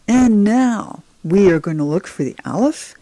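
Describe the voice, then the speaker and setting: A woman's voice: mid-range voice, expressive, a little slow, warm tone, dry recording. A woman teaching a beginners' lesson over slides, encouraging and speaking straight to the viewer. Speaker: Hebrew teacher. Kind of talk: slow, patient lesson narration over slides.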